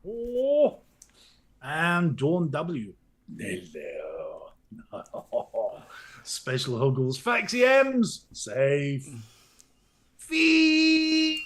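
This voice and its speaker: A man co-hosts a casual live stream, playfully reading out viewer names and breaking into loud laughter. His voice sits high and swoops widely. He talks at an unhurried pace. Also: sing-song.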